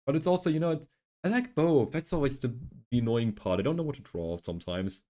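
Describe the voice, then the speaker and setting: A man's voice: medium pitch, expressive, fast talker, warm tone. A man speaking English as a second language chats casually on a game stream in a mid-range voice. He rambles and thinks aloud, with plenty of "like" and "you know". Faint game music sits underneath. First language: not English. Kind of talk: casual gaming stream chat.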